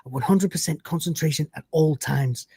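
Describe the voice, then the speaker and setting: A man's voice: a little high, normal speed, dark tone, husky, dry recording. A man voicing a weary, easygoing young male spaceman, quoting lines in a light read-out way. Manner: lightly read-out quotes, mild lift.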